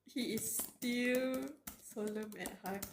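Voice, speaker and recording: Tearful woman streamer reading aloud slowly. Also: a little high, gravelly, echoey room, a little hiss or hum. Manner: emotional, reacting and talking to chat between read lines. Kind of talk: live reading with reactions. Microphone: close desk mic.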